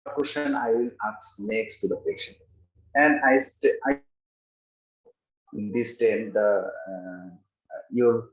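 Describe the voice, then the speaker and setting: A man with a low voice talks through his exam experience, stopping often to search for words. His call audio sounds dull and roomy, as if from a bare room. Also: steady tone. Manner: halting, many pauses and fillers. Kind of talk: casual interview over a video call. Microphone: video call.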